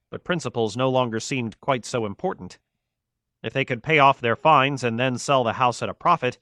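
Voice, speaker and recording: An audiobook narrator, a man with a mid-range voice, reads a novel aloud in steady, measured scripted narration. The sound is clean studio quality with no echo.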